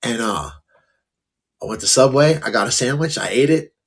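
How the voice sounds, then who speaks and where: A man's voice: medium pitch, lively intonation, moderate pace, creaky, husky. A middle-aged man telling his life story candidly as a podcast guest, casual, full of "like" and "um". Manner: casual, many fillers like "like" and "um".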